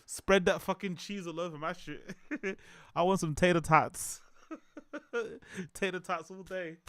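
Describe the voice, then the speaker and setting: On his reaction stream, a man reacts to videos in a casual, joking manner, with frequent profanity and repeated phrases. His high, fairly bright voice is smooth and slow, recorded cleanly in a studio with no echo.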